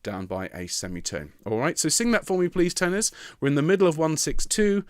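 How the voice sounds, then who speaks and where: A man's voice: fairly high pitch, big pitch swings, a little fast, clean tone, no room sound, studio quality. A man leading a tenor choir rehearsal online, explaining notes and counting the singers in, encouraging. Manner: encouraging, counts in and sings phrases as examples.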